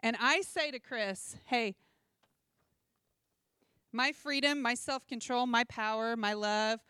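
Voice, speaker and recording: A young adult woman preaching a sermon in a chatty, animated way, full of personal asides and humor. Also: on the high side, smooth, no echo, clean studio sound. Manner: conversational and animated, with asides and self-deprecating humor.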